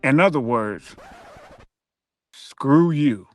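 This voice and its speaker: A man's voice: medium pitch, expressive, dry recording, faint music behind. Guy ranting on his channel, preachy and emphatic, medium voice, dry close sound. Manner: emphatic, preachy, drawn-out repetitions. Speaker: channel host. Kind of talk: opinion commentary monologue.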